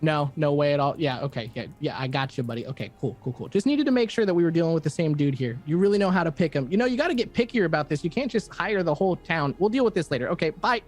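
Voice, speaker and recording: A man voicing a chatty male god in the form of a duck, talking fast and casually in a rambling way during tabletop role-play. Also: on the high side, animated, soft background music.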